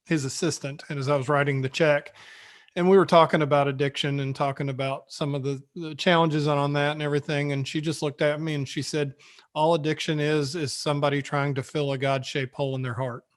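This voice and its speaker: A man's voice: on the high side, level tone, fairly quick. A man hosting an interview, supportive and conversational, trailing through restarts. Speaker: interviewer, editor-at-large.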